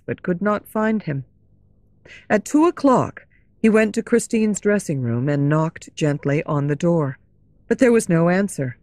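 A woman narrating a classic story slowly and clearly for English learners. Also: lowish voice, no room sound. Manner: slow, clear, expressive storytelling.

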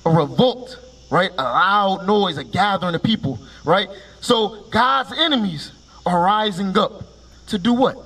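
A man's voice: high-pitched, lively intonation, unhurried, sharp tone. A man preaching on the street, quizzing passers-by with "right?" and ordering scripture to be read aloud before explaining it. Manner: commanding, calls for each scripture reading with a curt "Read", then explains it; quizzes listeners with repeated "right?" and rhetorical questions. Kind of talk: street preaching with questions to listeners.

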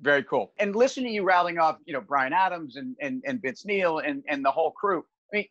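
A man's voice: on the high side, expressive, fast talker, a bit bright, dry recording. A man hosting a podcast interview, asking long rambling questions full of restarts. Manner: rambling, many restarts and fillers. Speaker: podcast host. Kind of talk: casual interview chat. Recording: slightly dull, dry sound.

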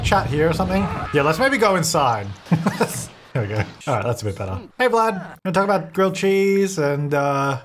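A man's voice: a little high, fairly bright tone, a little hiss or hum. A young man giving casual commentary while playing a life-sim game, chatty and reacting aloud with frequent laughs.

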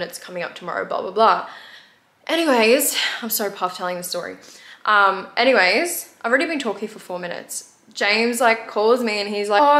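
A woman's voice: medium pitch, pushed and bright. A young woman in her twenties with an Australian accent, telling a rambling story to camera in a casual vlog, full of "like" fillers. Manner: fast rambling with frequent "like" fillers. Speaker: vlogger.

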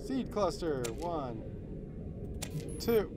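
A young man commentating his game session and getting frustrated, muttering and shouting in exasperation. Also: a little high, lively intonation, normal speed, heavy background noise. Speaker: gaming video host. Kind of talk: let's play commentary. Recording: loud game music behind.

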